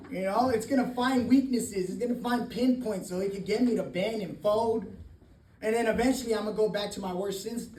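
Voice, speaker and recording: A man speaking candidly at a recovery meeting, swearing freely and laughing often as he shares his story. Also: sits high. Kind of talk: personal testimony talk. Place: meeting room. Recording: roomy, distant mic, faint noise.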